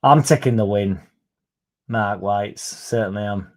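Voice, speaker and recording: A man's voice: fairly low pitch, a little slow. A young man hosting a football fan livestream, chatting sarcastically and reading out viewer comments. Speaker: fan channel host.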